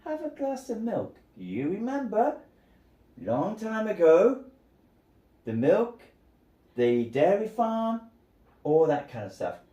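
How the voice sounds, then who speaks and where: A man's voice: high voice, wildly swooping pitch, unhurried, pauses often, mellow, muffled recording, heavily acted. A man putting on a suave, teasing middle-aged male officer, playful and mock-polite. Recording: roomy echo.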